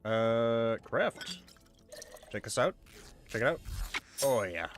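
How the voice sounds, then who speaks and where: A man's voice: medium pitch, sing-song, takes it slowly. Joking man streaming a game over clicks. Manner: joking, rambling. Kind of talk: casual gaming commentary. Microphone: headset. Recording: noisy with clicks.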